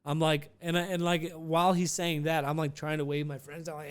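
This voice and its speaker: A man's voice: fairly high pitch, level tone, brisk, clean tone. A man telling a casual, rambling vlog story with many restarts and some profanity.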